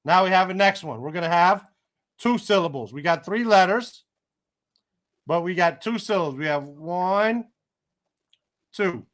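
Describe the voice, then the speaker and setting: Male tutor, higher voice, unhurried, patient and encouraging. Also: expressive, a bit bright. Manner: patient, encouraging, slow and careful. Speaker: Arabic teacher. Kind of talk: one-on-one tutoring lesson.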